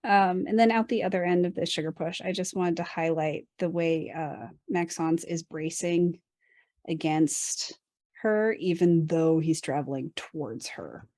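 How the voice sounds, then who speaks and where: A woman's voice: on the low side, a little slow, warm tone, dry recording. A woman co-hosting a dance podcast, explaining partner technique in casual chat, laughing often and adding playful asides. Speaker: dance instructor co-host.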